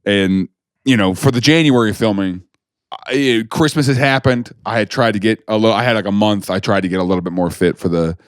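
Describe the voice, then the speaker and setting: A man's voice: on the low side, a little fast, clean tone, no room sound, studio quality. A man co-hosting a podcast, a comedian, joking and interjecting in casual banter.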